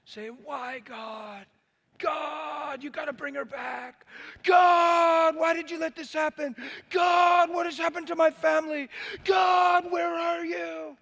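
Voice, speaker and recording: A man's voice: sits high, fairly even intonation, very slow, hardly any pauses, bright, forceful tone, slightly rough, voice pushed up, heavily acted. A man preacher acting out a desperate betrayed husband screaming at God. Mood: anguished. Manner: screaming, frantic.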